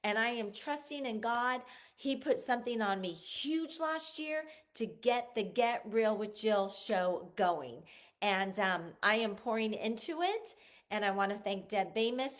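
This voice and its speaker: Earnest, fairly high-voiced woman podcast host. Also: measured pace. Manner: earnest, faith-filled, rambling with many fillers. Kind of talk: casual motivational talk.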